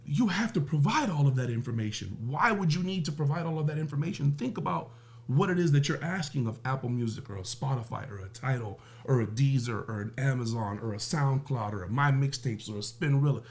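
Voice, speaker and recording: A man's voice: mid-range voice, a little fast, darkish tone. A man talking on a podcast as a guest, emphatic and profane, firing off rhetorical questions and everyday analogies. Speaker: music business guest. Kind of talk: podcast interview talk.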